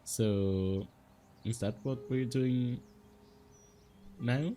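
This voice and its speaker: A man's voice: mid-range voice, drawn-out words, mellow, slight background noise. A man giving chatty let's-play commentary over a game, laughing often. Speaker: gaming streamer.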